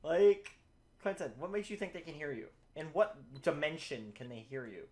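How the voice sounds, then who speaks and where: A young man chatting casually while streaming a speedrun, excitable and swearing, breaking into laughter. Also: a little high, normal speed. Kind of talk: casual live-stream chat while gaming.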